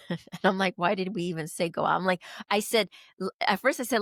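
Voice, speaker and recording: A woman guest telling a personal story in a lively way, acting out the dialogue she quotes. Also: mid-range voice, fast talker, dry recording, clean studio sound. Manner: animated, acts out quoted dialogue. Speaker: podcast guest.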